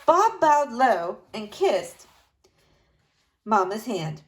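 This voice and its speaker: A woman narrating a storybook aloud in an expressive, dramatic way. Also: mid-range voice, slow.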